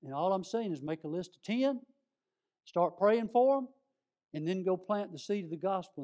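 With a high-pitched, mellow voice, this man is a guest preacher delivering a homespun storytelling sermon. He speaks straight to the congregation in the church sanctuary.

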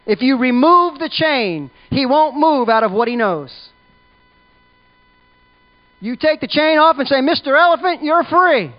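A man with a very high voice preaching a sermon, emphatic yet conversational as he drives each point home. The recording is dull and lo-fi, muffling his voice. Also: expressive, a little slow, pauses often.

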